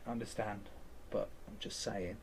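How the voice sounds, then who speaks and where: A man's voice: fairly low pitch, steady tone, moderate pace, creaky, darkish tone, slight background noise. A man, candidly retelling events in an interview and acting out quoted lines, with some casual swearing.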